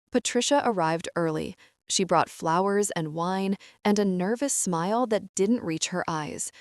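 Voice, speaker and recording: Woman narrator, lowish voice, even measured delivery, dry close recording; scripted story read. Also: no room sound.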